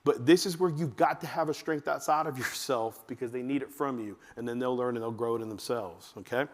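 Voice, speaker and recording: A man giving a talk to fathers at church, telling family stories and acting out his kids in a high voice. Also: fairly quick. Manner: animated storytelling, acts out his kids in a high voice. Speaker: men's ministry speaker. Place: church hall. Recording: long hall reverb.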